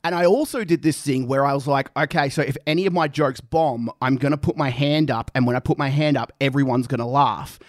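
A man's voice: medium pitch, brisk, hardly any pauses, dry recording, studio quality. A young man telling a story on a casual podcast, laughing often and swearing freely. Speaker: podcast co-host.

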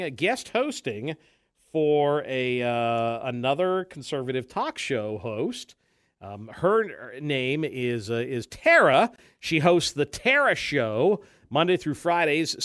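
Halting, animated male radio host. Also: a little high, no echo, studio quality. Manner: halting, many restarts and fillers, laughs often. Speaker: radio talk show host. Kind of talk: casual radio talk.

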